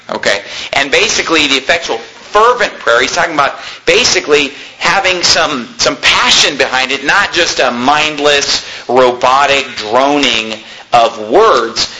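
A man preaching a sermon with emphasis, his voice rising toward near-shouting and then dropping low. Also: a little hiss or hum, poor audio.

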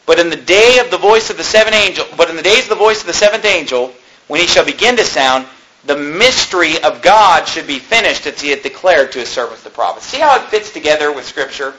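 A male pastor preaching a sermon, impassioned and animated, with mocking asides. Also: a little high, fairly quick, slight background noise, rough recording.

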